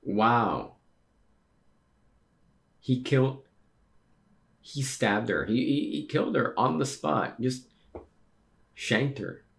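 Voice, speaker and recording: A man streaming a casual read-through of a comic, reacting excitedly with slangy exclamations. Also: medium pitch, slow pace, creaky, long pauses. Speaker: streamer reading manga aloud.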